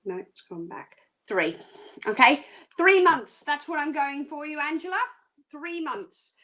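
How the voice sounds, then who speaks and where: Casting note: woman hosting live psychic readings, high-pitched, chatty and playful, hums between thoughts. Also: animated, unhurried, pushed and bright. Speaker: psychic reader, host.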